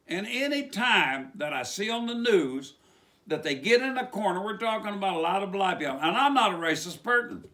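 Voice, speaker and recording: A man with a West Virginia accent delivers a loose, rambling sermon, peppering it with rhetorical questions. His voice sits high and bright and swings widely up and down, pushing hard on every point. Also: expressive, moderate pace. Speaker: preacher. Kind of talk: informal sermon monologue.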